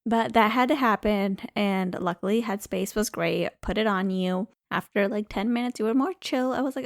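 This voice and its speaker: A young adult woman co-hosting a podcast in casual chat, lively with playful emphasis. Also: medium pitch, normal speed, few pauses, no room sound, clean studio sound. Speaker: podcast co-host, healthcare professional.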